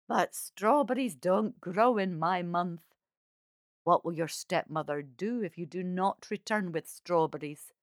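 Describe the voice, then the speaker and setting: A woman voicing a kind, gentle old man who embodies a winter month in a storybook. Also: lowish voice, dry recording, clean studio sound, natural voice. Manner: gentle, slow, caring.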